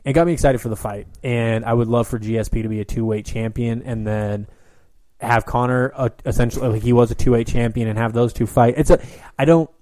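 A man with a mid-range voice chats casually as a podcast co-host. He retells events excitedly, stumbling over restarts and breaking into laughs. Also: medium pitch, brisk, no echo. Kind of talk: casual sports chat.

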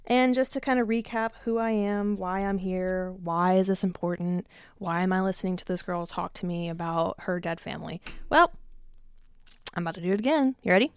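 A young woman with a low-side, clear, resonant voice talks a little fast while hosting her podcast alone from her basement. The chat is casual and self-deprecating, peppered with swearing and breathlessness, with no echo on the recording.

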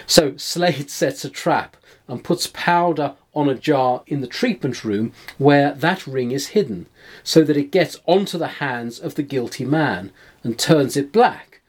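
A man co-hosting a podcast, calmly retelling a film plot in a measured storytelling way. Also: mid-range voice, breathy edge. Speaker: podcast co-host. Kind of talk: film discussion chat.

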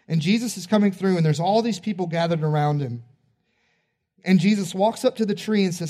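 A male pastor preaching a sermon, retelling a story in an animated, conversational way. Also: high-pitched, a little fast.

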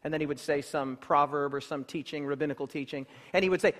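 A man's voice: fairly high pitch, fairly even intonation, quick pace, hardly any pauses, a bit bright. A man preaching a sermon in an emphatic, rhetorical way, building his points through repeated phrases. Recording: long hall reverb.

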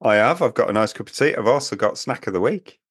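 A man's voice: mid-range voice, lively intonation, slightly rough. A man co-hosting a casual podcast chat in a teasing, easygoing way. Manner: teasing and quick to laugh. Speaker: podcast co-host.

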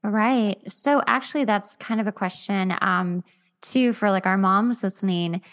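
A woman hosting an interview, chatty and enthusiastic as she asks her guest questions. She reacts warmly and talks in a relaxed, conversational way. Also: mid-range voice, unhurried. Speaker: podcast host. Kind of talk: interview chat.

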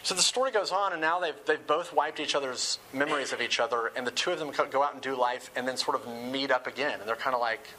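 Bright-voiced man preaching a sermon. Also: mid-range voice, fast, few pauses, slight background noise, low-quality recording. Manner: earnest and conversational, with casual asides. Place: room with a live audience.

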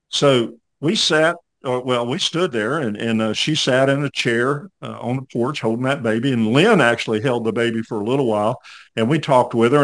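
A man's voice: mid-range voice, a bit bright. An older man hosting a podcast, telling a story in a folksy, rambling way with many fillers. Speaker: podcast host. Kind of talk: casual storytelling interview.

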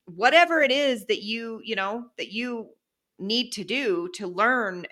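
A woman co-hosting a podcast, who talks in an animated, emphatic and blunt way and has children. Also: a little high, measured pace. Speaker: podcast co-host. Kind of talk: casual chat.

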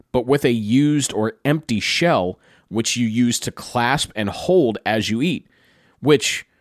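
A man's voice: medium pitch, no room sound, clean studio sound. Chatty man recounting a trip. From Pennsylvania, USA. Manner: enthusiastic, conversational, chatty asides. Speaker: travel storyteller. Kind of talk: casual travel recap narration.

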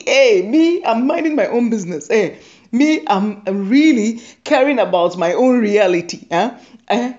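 A woman rambling through a comic monologue with lots of laughter, her pitch swinging up and down all the way. She repeats her lines for effect. The sound is dull and lo-fi. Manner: teasing, laughs often, repeats phrases. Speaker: comedy monologue host.

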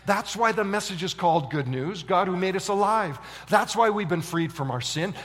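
A male pastor preaching a sermon, telling a story dramatically and swinging from loud excitement to hushed intensity. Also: high-pitched, normal speed. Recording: long reverb of a large hall.

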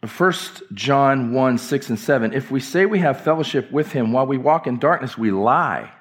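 A man's voice: mid-range voice, animated, moderate pace. A male pastor delivering an impassioned, emphatic church sermon with repeated phrases. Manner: impassioned, emphatic preaching with repetitions.

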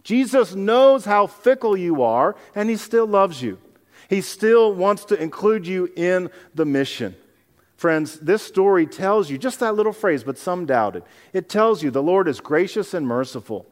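A man, a pastor, preaching a sermon, animated and acting out scenes from the Bible in other people's voices. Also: a little high, moderate pace, in a large hall.

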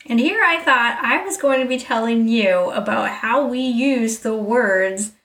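A middle-aged woman talks to her podcast listeners in a frank, confessional way. Her voice sits a little high and comes from a slight distance. The room around her adds an echo. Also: a little slow, a bit bright. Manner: candid, confessional, speaks straight to the listener. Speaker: podcast host. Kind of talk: personal reflective monologue. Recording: roomy echo, a little off mic.

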